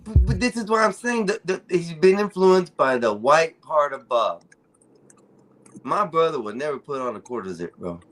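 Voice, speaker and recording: A man's voice: fairly high pitch, big pitch swings, moderate pace, a bit bright. A man talking back and joking defensively in a casual comedic panel chat.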